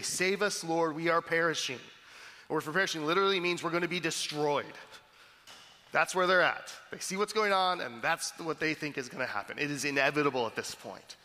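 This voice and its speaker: A man preaching a sermon in a conversational, animated way, often restarting his words. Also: medium pitch. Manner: conversational, animated, with frequent repeated starts. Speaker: pastor. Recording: reverberant hall.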